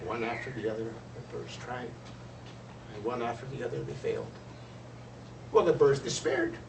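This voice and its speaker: A man telling a traditional folk tale aloud in an expressive storyteller's manner. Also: mid-range voice, moderate pace, gravelly, slight background noise. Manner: expressive, lively voices for characters. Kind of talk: oral storytelling. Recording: roomy, distant, faint ambience.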